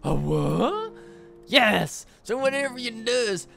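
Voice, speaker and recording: A man doing a shrill southern-drawling bird. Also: very animated, takes it slowly, vocal fry, bright, forceful tone, heavily acted. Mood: urgent. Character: small male bird, urgent and pushy.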